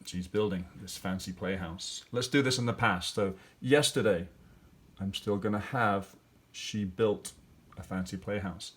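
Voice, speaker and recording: A man's voice: deep voice, fairly even intonation, measured pace, a bit bright. A male teacher walking through grammar and spelling exercises step by step, thinking aloud with fillers. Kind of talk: classroom lesson walkthrough.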